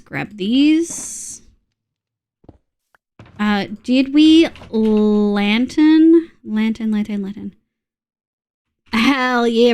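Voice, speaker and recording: A young woman from Australia, streaming a game and chatting with her viewers in a loose, casual way. Her voice sits a little high for a woman, and she swears freely and yelps at sudden scares. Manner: chatty, swears often, reacts loudly to jump scares. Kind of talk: casual gaming livestream chat.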